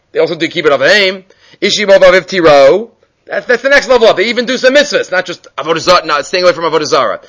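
Man, high-pitched, Torah teacher; earnest explainer moving between Hebrew quotes and English. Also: bright, forceful tone. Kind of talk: daily Torah class on the weekly portion.

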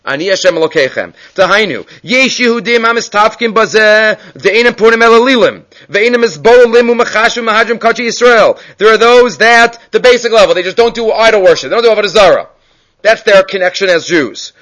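Man, high-pitched, Torah teacher; earnest explainer moving between Hebrew quotes and English. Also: expressive, a little fast, fairly bright tone. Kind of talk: daily Torah class on the weekly portion.

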